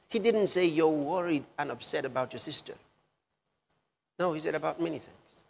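A man's voice: on the high side, vocal fry, breathy edge. Emphatic male preacher in a reverberant hall. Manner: slow, emphatic repetition of phrases. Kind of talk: sermon.

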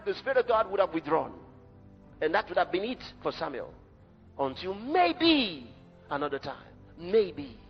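Male preacher going all out, dramatic and shouty at times, long hall echo, faint music behind. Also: high voice. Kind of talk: sermon. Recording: dull lo-fi recording in a reverberant hall with faint music.

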